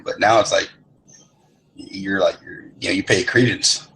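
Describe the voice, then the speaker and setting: A man's voice: low voice, steady tone, measured pace, gravelly, pauses often, a bit bright, low-quality recording. A middle-aged man chatting casually, telling rambling stories with a lot of swearing. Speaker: lobby chat participant. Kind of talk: casual chat.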